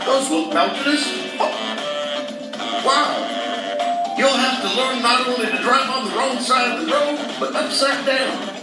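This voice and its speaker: A man's voice: very high-pitched, measured pace. A man playing a silly, upbeat male newsreader with an Australian accent, full of exclamations and slang, in a comedic news parody clip. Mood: chirpy. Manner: exclamatory, slang-heavy, jokey. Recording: echoey and distant over loud music.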